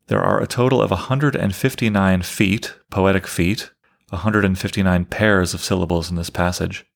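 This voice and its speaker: A literature teacher with a low, gravelly voice gives a lecture on poetic meter. He is methodical and explanatory, counting things out loud as he goes.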